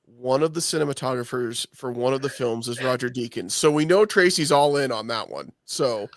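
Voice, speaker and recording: A man's voice: medium pitch, normal speed, no echo. A man in the middle of his range chats casually on a movie podcast, easygoing and self-deprecating. He often restarts his sentences. The recording is dry and close. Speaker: podcast co-host. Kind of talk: casual chat.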